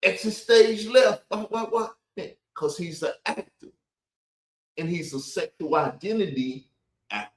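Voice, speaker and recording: A man's voice: a little high, roomy sound, low-quality recording. A man hosting a rambling commentary video, talking in a combative, colloquial and repetitive way. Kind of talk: rambling commentary on played clips.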